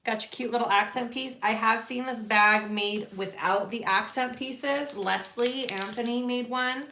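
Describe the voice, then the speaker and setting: A woman's voice: a little high, measured pace, sharp tone, a little hiss or hum. A woman hosting a live sewing tutorial, chatting casually and greeting viewers as she works. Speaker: sewing livestream host.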